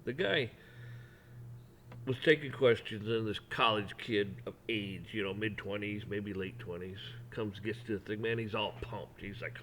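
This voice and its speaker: A man's voice: on the low side, normal speed, a bit bright, slight background noise, rough recording. A man ranting on a vlog in a folksy, rambling, blunt way. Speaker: vlogger. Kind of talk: opinion rant.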